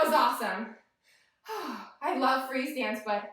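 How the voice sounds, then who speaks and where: Animated woman teaching kids yoga. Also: high-pitched, takes it slowly, distant mic. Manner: cheerful, sing-song, talks straight to small children. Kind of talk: guiding a children's yoga class. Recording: echoey room, voice from off the mic.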